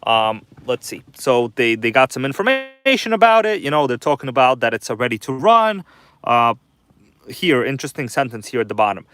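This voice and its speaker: A man's voice: medium pitch, very animated, moderate pace, fairly bright tone, smooth. A man hosting a casual livestream from inside his parked car at night, chatting loosely and greeting viewers by name. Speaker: livestream host. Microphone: phone.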